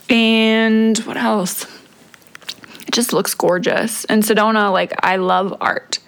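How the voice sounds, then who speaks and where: A woman's voice: on the high side, steady tone, slow, pauses often, clean tone. Woman, middle-aged, solo podcast host, casual chat, swears a lot, lots of "like". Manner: chatty and profane, many "like" fillers.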